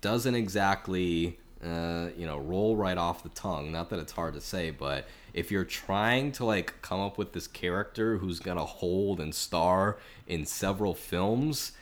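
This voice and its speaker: A man co-hosting a film podcast, talking through his opinions in a chatty, measured way with lots of filler words. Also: sits low. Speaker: podcast co-host. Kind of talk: casual film review chat.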